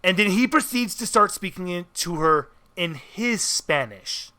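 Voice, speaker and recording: Man, high voice, animated, profane, loud then quiet, casual podcast storyteller. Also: measured pace, noisy background. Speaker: podcast co-host telling a story.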